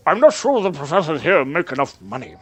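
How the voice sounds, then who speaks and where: A man's voice: a little high, sing-song, moderate pace, husky. A man hosting a game playthrough, reading the game text aloud and joking about it. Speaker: gaming channel host. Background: game music.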